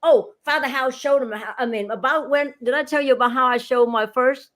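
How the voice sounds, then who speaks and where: Middle-aged woman, real estate agent, interview guest, animated storytelling, acts out voices, fairly high voice. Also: fairly quick. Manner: animated, acts out dialogue, laughs while telling.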